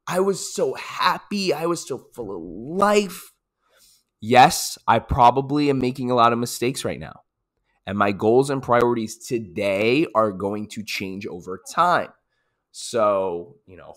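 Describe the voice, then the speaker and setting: A man talks through his race in a casual podcast recap, his pitch swinging up and down with lots of energy. He gets pumped up, repeats lines for emphasis and drops swear words. He sounds like an athlete reliving a hard-won result. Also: a bit bright.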